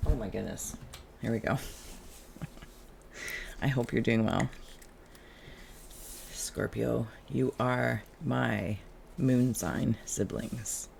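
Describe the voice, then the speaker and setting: A tarot reader hosting a relaxed, channeled reading, who talks in a musing, chatty way and drifts into humming and asides. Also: medium pitch, extremely slow, gravelly, pauses often, a little hiss or hum.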